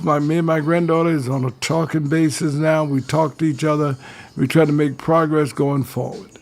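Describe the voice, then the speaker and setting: A man's voice: on the high side, creaky, darkish tone. An older man, giving preachy advice on a talk radio show and calling his listeners fellas. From Georgia, US.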